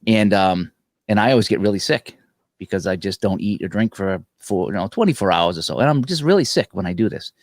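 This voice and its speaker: This man's lowish voice runs a little fast, recorded in studio quality with no echo. Co-hosting a live gaming show, he casually tells a long personal story in an animated way, laughing often and acting out other people's lines.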